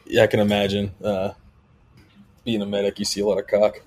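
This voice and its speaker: Flat-toned, low-voiced podcast host. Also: male voice, brisk. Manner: easygoing, reads ad in relaxed conversational way. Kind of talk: casual podcast chat and host-read ad.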